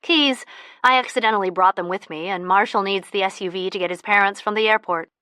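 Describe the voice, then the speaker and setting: A woman voicing a flustered young woman friend who speaks high and breathless in an audiobook. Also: fairly quick, sharp tone, smooth, no echo, lightly acted.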